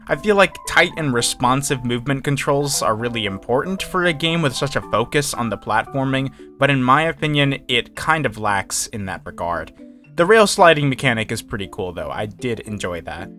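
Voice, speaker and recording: Male game reviewer, casual commentary, crisp bright tone, frank opinions softened with hedges, faint music underneath. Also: medium pitch. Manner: candid, opinionated, hedging with "kind of".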